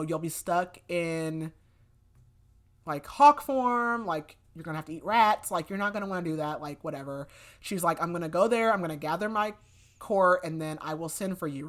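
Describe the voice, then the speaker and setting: A young woman with a notably low voice hosts a podcast, breezily summarizing a novel. She talks casually, leans on "like" and "whatever", and slips into quick, loose versions of what the characters said. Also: fairly bright tone. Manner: chatty, many "like" fillers, acts out quotes loosely. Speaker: podcast host. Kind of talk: casual book recap.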